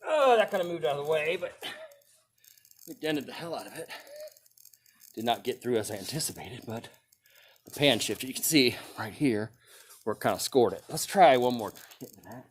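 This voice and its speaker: A man hosts his own video, casually talking through a test-cutting demonstration of weapons, thinking aloud and chuckling as he goes. His mid-range voice is sing-song, at normal speed with frequent pauses. He is outdoors or in a workshop, with slight background noise.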